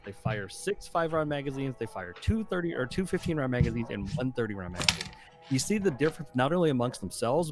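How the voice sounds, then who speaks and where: An argumentative man talks over a voice call, mid-pitched and insistent. He lays out his case in a lecturing way. Faint music plays behind him. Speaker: debate participant. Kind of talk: heated online debate. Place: at home.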